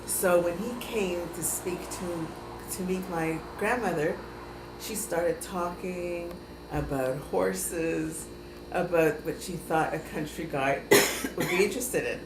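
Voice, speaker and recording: Lower-voiced woman recounting family history. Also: slow. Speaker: interviewee. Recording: echoey room with noise.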